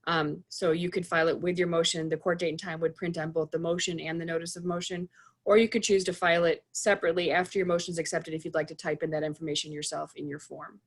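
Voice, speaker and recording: A woman on court staff walks through filing procedure calmly and step by step. Her voice sits a little low. She is explaining things during a webinar. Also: fast talker. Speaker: court staff answering questions.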